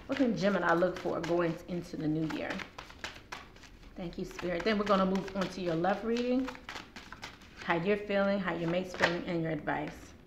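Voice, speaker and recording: A woman with a fairly low voice and moderate pace does a casual tarot reading to camera, her throat sore. She talks directly to her audience and laughs frequently, and the recording carries a roomy echo and faint background noise.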